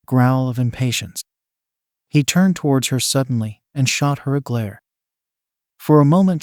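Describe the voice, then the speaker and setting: A man narrates a story in a steady, even reading voice. His pitch is medium for a man. The sound is dry and close, with no room around it. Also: no echo. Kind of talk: fan fiction reading.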